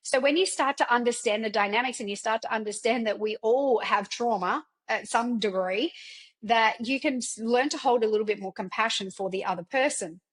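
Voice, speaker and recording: A woman's voice: on the high side, a little fast, breathy edge. Candid chatty woman podcast host. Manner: candid, chatty, many fillers like "like" and "you know"; occasional swearing. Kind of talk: personal podcast monologue.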